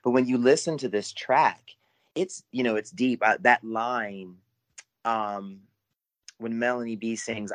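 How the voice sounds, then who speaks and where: A man's voice: mid-range voice, a little slow, a bit bright. A man co-hosting a casual podcast discussion, talking effusively and often repeating words while he searches for phrasing. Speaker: podcast co-host.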